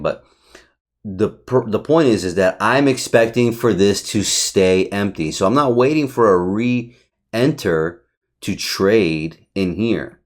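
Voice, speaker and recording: A man reviewing his day trades on a chart, talking brashly, swearing and firing off rhetorical questions. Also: deep voice. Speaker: trading educator. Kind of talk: screen-recorded trade review.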